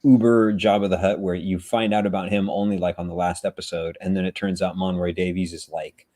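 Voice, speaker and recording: A man's voice: deep voice, little pitch movement, a little fast, mellow. A man hosting a casual chat, teasing his guests and laughing often. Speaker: show host.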